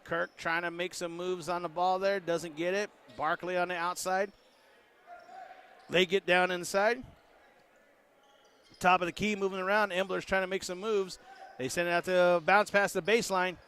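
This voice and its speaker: A man with a high voice calls a basketball game play by play in an easy, joking way. He keeps up a running patter and makes up lines for the players, with a ball bouncing faintly in the gym behind him. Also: flat delivery, normal speed, pauses often, a bit bright, clear, resonant tone. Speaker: play-by-play announcer. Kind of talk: casual sports commentary.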